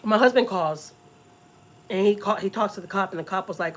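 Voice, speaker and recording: A woman's voice: medium pitch, lively intonation, fast talker. Woman, middle-aged, family vlogger, casual emotional storytelling, repeats words. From Texas. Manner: emotional, repeats words, talks straight to viewers.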